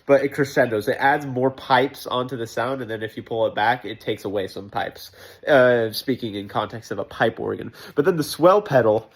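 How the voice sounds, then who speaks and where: Casual male vlogger, rambling choir critique, lots of ums and restarts, nerdy enthusiasm, mid-pitched voice. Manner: rambling, many fillers and restarts; enthusiastic about music details. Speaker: choir member giving feedback. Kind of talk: casual spoken critique and explanation.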